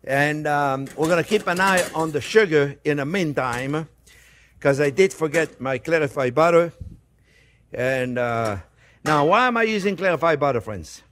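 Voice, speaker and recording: A man with a fairly high voice runs a cooking demonstration from his kitchen. He chats and jokes as he goes and keeps calling the viewers his friends, with a pan sizzling faintly behind him. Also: expressive, moderate pace, fairly bright tone, slight background noise. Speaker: cooking show host, chef.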